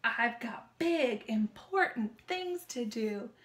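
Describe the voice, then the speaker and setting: A woman voicing a big, self-important male dump truck in a picture-book reading, speaking slowly and pompously in a lowered voice. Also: animated, a bit bright.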